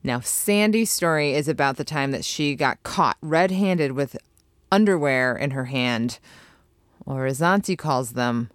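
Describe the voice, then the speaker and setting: A woman's voice: rumbling low, expressive, a little slow, no echo, clean studio sound. A woman hosting a comedy podcast, introducing it in a playful, joking way. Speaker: podcast host.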